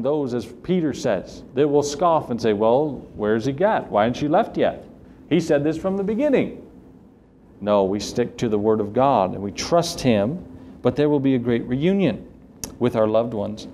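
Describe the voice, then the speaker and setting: A man's voice: medium pitch, warm tone, slight background noise. A man preaching a sermon as pastor, earnest and building to emphatic questions. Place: church sanctuary.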